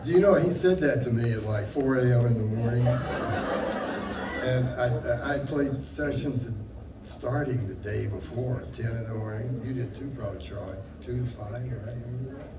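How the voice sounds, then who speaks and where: An older man, a session musician guest, telling rambling, animated anecdotes on a panel stage with many restarts. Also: medium pitch, moderate pace, music in the background. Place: event stage before an audience. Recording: echoey hall mic from a distance with crowd.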